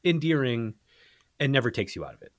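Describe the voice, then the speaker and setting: A man guesting on a podcast, chatting casually about a movie in a rambling way, with halting restarts. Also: medium pitch, sing-song, no room sound, clean studio sound. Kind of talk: casual movie-review chat.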